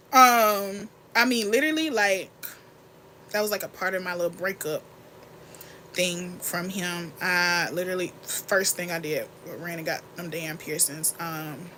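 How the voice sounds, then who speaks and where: A young woman hosting a casual get-ready-with-me livestream, chatting candidly and answering her chat in a rambling, animated way. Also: lowish voice, background noise. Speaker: livestream host.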